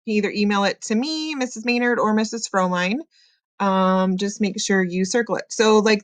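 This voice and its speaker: A patient woman teacher walks young students through a phonics lesson, filling her pauses with ums. Her voice sits at a middle pitch. The recording is dry and close, with no room echo. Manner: patient, explains slowly with many ums.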